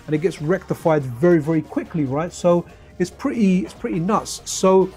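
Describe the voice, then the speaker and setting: A man's voice: sits high, moderate pace, a little mellow, husky, soft background music. A man chatting casually to his viewers on a live stream while playing retro games, wandering off into side stories and addressing chat by name.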